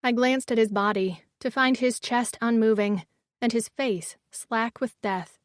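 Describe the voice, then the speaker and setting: A woman narrating a romance audiobook in the first person, with a measured, intimate reading. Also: a little high, dry recording, clean studio sound.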